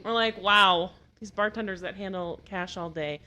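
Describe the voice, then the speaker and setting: Wry bright-voiced woman. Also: medium pitch, normal speed. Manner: wry, swears casually. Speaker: guest. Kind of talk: casual chat.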